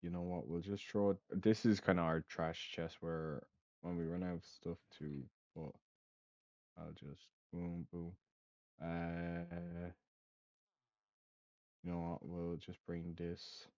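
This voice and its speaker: A man's voice: low voice, level tone, takes it slowly, a little mellow, no room sound. A young man hosting a casual let's play, rambling with lots of ums and uhs and offhand swearing. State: hiccups. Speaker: gaming channel host. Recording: dull, dry lo-fi mic.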